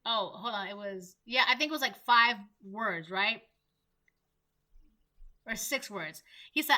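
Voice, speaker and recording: A woman's voice: on the high side, unhurried, long pauses, bright, forceful tone. A woman giving a casual spoken tarot reading. She rambles and keeps checking in with "right?" and "um". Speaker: tarot reader.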